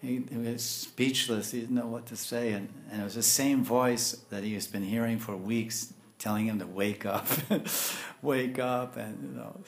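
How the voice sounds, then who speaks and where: An older man giving a storytelling sermon as a spiritual teacher, animated, chuckling often and acting out the characters' voices. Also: mid-range voice, unhurried.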